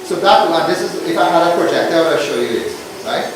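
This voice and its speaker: A man's voice: a little high, animated, fast, background noise. A male pundit giving a sermon, explaining in a step-by-step way with many rhetorical questions and chanting syllables in a sing-song way. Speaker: pundit preaching at a religious gathering. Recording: far from the mic, very echoey hall, music behind.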